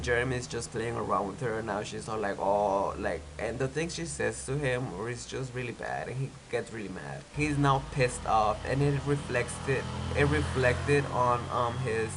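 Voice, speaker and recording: A man's voice: mid-range voice, background noise. Stuffy-nosed young man chatting casually. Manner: chatty, lots of "like", opinionated. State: stuffy nose from a cold. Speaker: TV recap vlogger. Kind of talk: casual reality-show recap.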